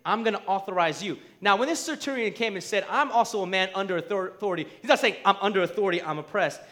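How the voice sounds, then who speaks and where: A man preaching a sermon in a conversational, emphatic way, often checking in with "right?" and building to near shouts. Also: high-pitched, quick pace. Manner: conversational, asks the crowd "right?".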